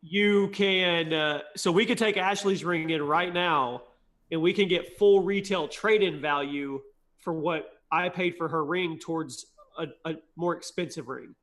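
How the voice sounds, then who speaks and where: A man's voice: a little high, unhurried, a bit bright. A man chatting casually on a podcast, teasing and firing off questions. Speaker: podcast co-host. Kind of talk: casual chat.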